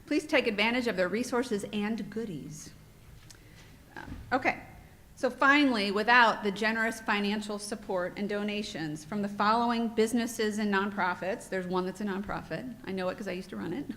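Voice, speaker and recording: A woman's voice: mid-range voice, normal speed, a little hiss or hum. Woman giving heartfelt conference welcome. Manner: warm, heartfelt, a bit off-script and emotional. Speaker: board president giving welcome remarks. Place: hotel conference room.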